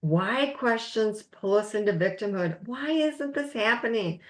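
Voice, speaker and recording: Slow, encouraging woman life coach. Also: medium pitch, expressive. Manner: slow, encouraging, emphatic teaching with quotes. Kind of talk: recorded coaching masterclass.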